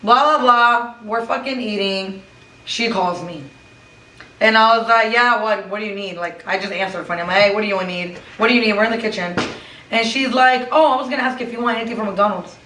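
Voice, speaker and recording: A woman telling a scary personal story in casual chat, lively and mixing English with Spanish. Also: medium pitch, brisk, background noise. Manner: animated, switches between English and Spanish. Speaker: co-host. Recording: roomy, recorded from a distance.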